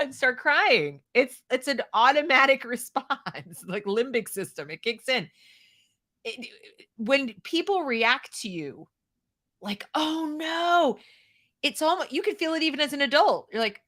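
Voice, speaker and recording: A woman's voice: sits high, animated, moderate pace, fairly bright tone. An American woman giving opinionated commentary, sarcastic and mocking the clips she reacts to. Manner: sarcastic, mocks quoted clips.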